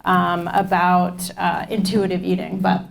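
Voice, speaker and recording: Woman teaching a relaxed nutrition class. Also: lowish voice, unhurried, vocal fry, slight background noise. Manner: conversational, repeats audience comments back. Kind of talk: informal teaching to a group. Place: community class room.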